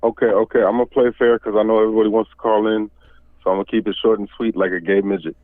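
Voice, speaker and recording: A man calling in to a livestream show, giving a quick joking opinion. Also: lowish voice, little pitch movement, dry recording. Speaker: call-in caller. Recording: tinny phone line.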